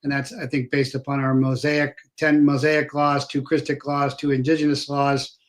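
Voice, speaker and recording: A man, a former federal agent, hosting an interview and talking in a hesitant way, with many pauses and fillers. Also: medium pitch, little pitch movement. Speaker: podcast host. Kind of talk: conversational interview.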